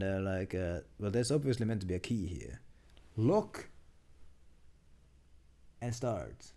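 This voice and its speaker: Male streamer, casual meme commentary, lively pitch, mellow tone, rambling and self-correcting. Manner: chatty, muttering, laughs at jokes, many restarts. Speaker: streamer reacting to memes.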